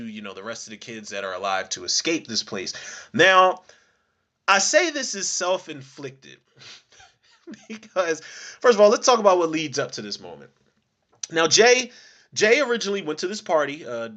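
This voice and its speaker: A man hosting a horror film podcast, telling stories in a loose, profane, animated way and acting out characters' lines. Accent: Philadelphia. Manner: animated storytelling, acts out characters' lines with pitch jumps. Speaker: podcast host reviewing horror films. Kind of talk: casual profane monologue.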